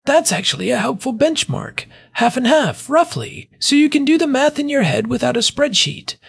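A podcast co-host making wry, joking asides in casual chat, with a husky voice. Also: sits high, very animated, normal speed, a bit bright, dry recording, clean studio sound.

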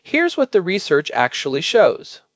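Man, expert podcast co-host, measured and emphatic, high animated voice. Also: dry recording, lo-fi sound. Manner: measured, explanatory, emphatic on key points. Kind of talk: explanatory podcast chat.

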